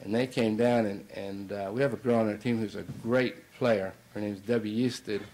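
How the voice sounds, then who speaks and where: A man's voice: lowish voice, fairly even intonation, moderate pace, darkish tone, rough recording. Storytelling male coach at a banquet. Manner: storytelling with many fillers and restarts. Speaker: basketball coach giving a banquet speech. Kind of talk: anecdotal after-dinner speech.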